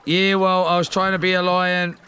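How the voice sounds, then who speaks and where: Chatting casually on a live stream from a small boat out at sea, this young Kiwi reads viewer comments aloud in a relaxed, slangy way, rambling with lots of fillers. His high, smooth voice has a sharp tone and a completely flat delivery at normal speed.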